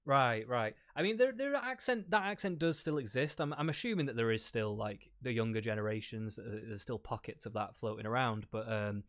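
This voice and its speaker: An English man in easygoing conversation, his voice at an ordinary middle pitch. He talks loosely, laughs now and then and drops the odd curse. The sound is dry and close, with no room around it. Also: a little fast, few pauses, no echo. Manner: relaxed, swears casually, laughs often. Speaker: debate guest. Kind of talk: casual chat.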